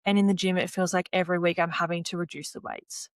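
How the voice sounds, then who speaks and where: A young woman with a fairly low voice tells her story in a relaxed, chatty way. She often acts out what she and others said, with plenty of "like" and "you know." The sound is close and dry, with no room echo. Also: quick pace. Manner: retells conversations by quoting herself and others. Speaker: podcast guest, former swimmer. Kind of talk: casual interview storytelling.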